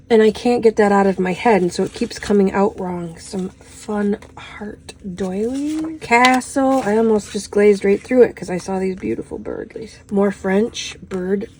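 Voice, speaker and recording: Slow, mellow-voiced woman in her fifties. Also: mid-range voice, slight background noise, low-quality recording. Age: 50s. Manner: gushing, exclamatory, full of little "oh"s and "how fun"s. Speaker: crafting vlogger unboxing a haul. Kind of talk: casual unboxing chat.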